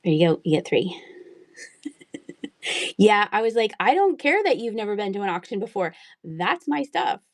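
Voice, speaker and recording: A woman's voice: mid-range voice, creaky, a little mellow, no room sound. Chatty woman running a live sale. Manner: chatty, laughs often, drops to near-whispers. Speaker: livestream seller. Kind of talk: casual live auction selling.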